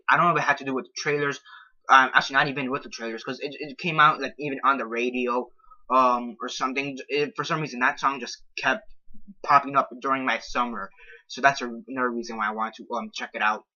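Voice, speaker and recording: A man talks through a casual movie review in a very bright, sharp-edged voice. He rambles, stumbles on words and keeps circling back to filler phrases. The sound is dull and lo-fi. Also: mid-range voice, steady tone, fast talker. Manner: rambling, repeats "so yeah" with many ums.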